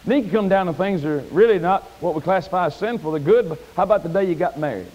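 A man preaching a sermon in a church, folksy and plain-spoken, climbing to high shouted peaks. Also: racing, highs cut off. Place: church sanctuary.

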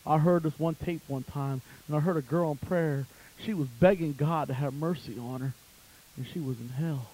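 A fiery male preacher delivers a fire-and-brimstone sermon in a folksy manner, his voice a bit high for a man. He swings between shouted peaks and hushed, intense warnings at normal speed, and the audio quality is poor.

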